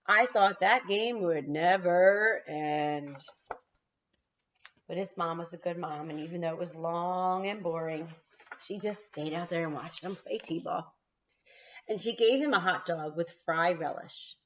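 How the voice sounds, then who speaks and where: A kindergarten teacher reading a picture book aloud to her class, animated and talking straight to the children. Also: on the low side, dull audio, a little hiss or hum. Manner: animated, talks straight to the kids.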